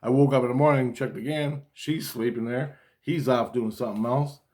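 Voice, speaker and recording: A man's voice: mid-range voice, fairly even intonation, normal speed, darkish tone. A man in a rambling personal monologue, agitated and swearing constantly as he talks. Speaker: vlogger.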